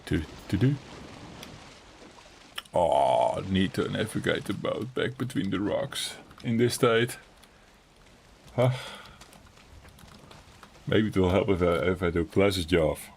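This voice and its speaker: Tired male streamer, low register, animated delivery, chatty and self-mocking, light typing noise. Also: slow, creaky, pauses often. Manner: tired, rambling, laughs often. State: sleepy, yawning. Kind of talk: casual gameplay commentary.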